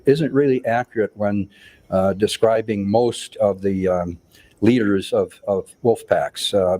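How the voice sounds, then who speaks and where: A man's voice: on the low side, dark tone. A man in a recorded clip who explains a term hesitantly, with many uhs and ums.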